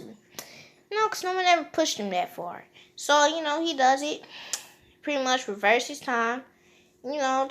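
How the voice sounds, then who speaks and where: Casual woman storyteller, a bit high, rambly, unscripted, filler-heavy, tosses in jokey asides. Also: fairly bright tone. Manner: rambling, full of "you know" fillers and joking asides. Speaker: fan-fiction storyteller.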